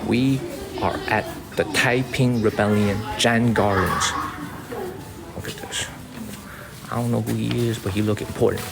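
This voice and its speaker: An American livestream host, with a creaky voice on the low side, gives a casual tour of an outdoor garden. He's chatty, repeats himself, and addresses viewers as y'all, with noisy outdoor ambience all around.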